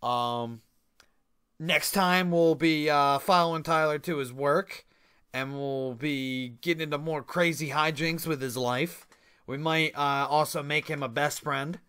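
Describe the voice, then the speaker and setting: A man giving casual let's-play commentary on a life-sim game, excitable and slangy, laughing often. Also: a little high, measured pace, clean tone, no echo, studio quality.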